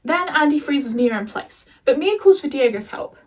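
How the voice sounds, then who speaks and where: A woman's voice: sits high, expressive, normal speed, a little mellow, recorded from a distance, rough recording. A young English woman recapping a TV show in a casual, chatty rant with sarcastic asides. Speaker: video essayist.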